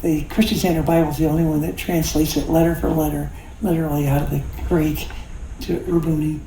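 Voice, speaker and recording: A man's voice: on the high side, little pitch movement, fairly quick, vocal fry, mellow, a little hiss or hum. A pastor in his sixties preaching a sermon in a folksy, conversational way, with jokes and laughter. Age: 60s. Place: church sanctuary. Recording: echoey church hall.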